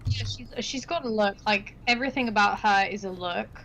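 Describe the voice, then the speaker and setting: A woman's voice: mid-range voice, normal speed, a bit bright, slight background noise, low-quality recording. A woman casually chatting and recapping a movie with a friend, laughing often and using slangy, blunt words. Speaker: stream host.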